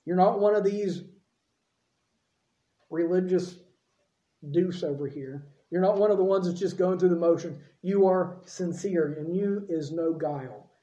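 A calm, welcoming teacher, voiced by a male preacher speaks in a gentle, casual, inviting way. The tone is mellow and soft-edged. It rings a little in a roomy space. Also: sits high, unhurried, muffled recording. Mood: earnest. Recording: roomy echo.

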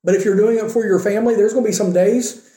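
A man delivers a sermon to his congregation, earnest and conversational, driving his points home with mounting emphasis. His voice is a little high but very dark and mellow, and he talks fast with fairly even intonation. The echo of a church room surrounds him.

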